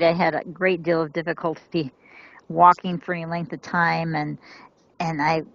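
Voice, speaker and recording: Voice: medium pitch, a bit bright, no echo. A guest on a radio interview, giving a plain, earnest account. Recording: dull lo-fi call audio.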